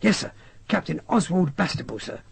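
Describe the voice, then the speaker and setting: A polite, cautious young army captain, as a man voices him in an audiobook. The delivery stays close to the reader's own voice, raspy and gravelly. The pitch moves in a lively way. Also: normal speed, exaggerated voice.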